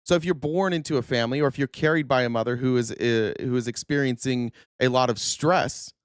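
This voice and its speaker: A man's voice: medium pitch, fairly quick, clear, resonant tone, no room sound, studio quality. A man hosting a political commentary livestream, earnest and indignant, stumbling over restarts and losing his voice. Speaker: host.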